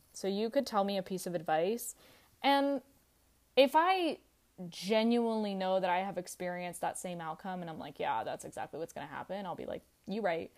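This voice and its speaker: A woman's voice: mid-range voice, darkish tone. A woman hosting a podcast, talking in a casual, candid monologue, full of "like" fillers, swearing freely and laughing easily. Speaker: podcast host.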